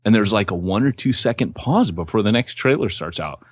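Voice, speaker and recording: A man co-hosting a podcast, telling stories in an animated, jokey way. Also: fairly low pitch, fairly quick, husky, no echo, studio quality. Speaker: podcast co-host. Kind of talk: casual chat.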